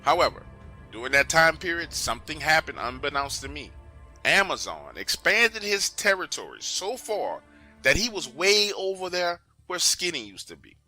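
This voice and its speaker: A man's voice: a little high, big pitch swings, moderate pace, bright, forceful tone, faint music behind. Emphatic man telling a true story. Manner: emphatic, conversational, keeps saying "listen to me".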